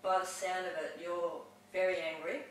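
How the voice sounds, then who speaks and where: A counsellor talks in a calm, measured way and answers with short affirmations. The voice sits at a middle pitch and is set back from the mic. A very echoey room and faint hiss surround it. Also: recorded from a distance. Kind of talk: counselling session conversation.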